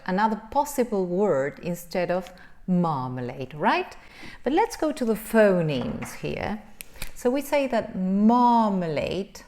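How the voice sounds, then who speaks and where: Lady teaching english sounds, super slow, voice goes way up and down. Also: mid-range voice, darkish tone. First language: Spanish. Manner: drawn-out sounds, frequent "right?" checks. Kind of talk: pronunciation lesson.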